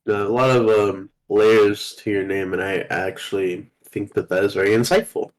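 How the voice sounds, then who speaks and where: A man's voice: lowish voice, fairly even intonation, normal speed, low-quality recording. A man co-hosting a podcast, chiming in with playful teasing remarks in casual chat. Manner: playful teasing with short interjections. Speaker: podcast co-host.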